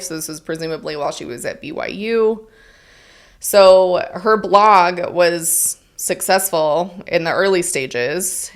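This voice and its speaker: Chatty woman podcast co-host with gravelly fry. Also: fairly low pitch, fairly bright tone. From Utah, United States. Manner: chatty, frequent "um" and "like". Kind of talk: casual chat, reading from an article.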